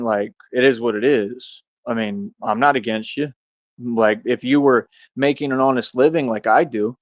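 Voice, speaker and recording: A man's voice: medium pitch, dry recording, lo-fi sound. A man streaming a confrontational monologue, firing off repeated rhetorical questions in a casual street-talk way. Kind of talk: ranting monologue to camera.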